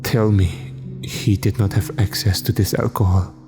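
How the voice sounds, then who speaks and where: A man voicing a sharp, scolding woman soldier with a thick foreign accent. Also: fairly low pitch, fairly even intonation, normal speed, over music, natural voice. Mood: quiet dread.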